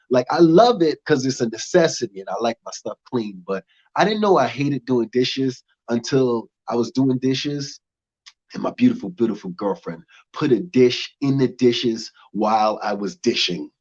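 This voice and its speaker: A young American man performing a stand-up set with lively swings between loud punchlines and low muttered asides. His voice is mid-pitched and comes through dull, lo-fi stream audio. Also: normal speed, slightly rough. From United States. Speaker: stand-up comedian.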